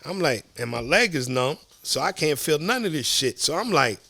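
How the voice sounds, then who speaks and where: A middle-aged man from Southside Jamaica Queens with a New York accent, telling stories as a podcast guest in an animated, profane way. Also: a little high, moderate pace, creaky, no echo. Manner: animated, profane, acts out quoted voices. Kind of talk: casual storytelling.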